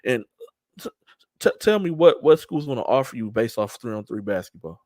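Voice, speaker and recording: Middle-aged male host, emphatic streetwise talk, mid-pitched, dry mic. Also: lively intonation, moderate pace, darkish tone, no room sound. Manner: emphatic, trash-talking streetwise delivery with repeated restarts. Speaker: show host and event organizer. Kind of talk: casual talk-show monologue.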